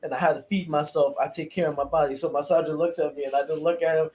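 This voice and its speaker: Male podcast co-host, slightly high voice, playful anecdote teller who does voices. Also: steady tone, fast, a little mellow. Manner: laughing, mimics voices in anecdotes. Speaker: podcast co-host, former corrections officer. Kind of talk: casual storytelling chat.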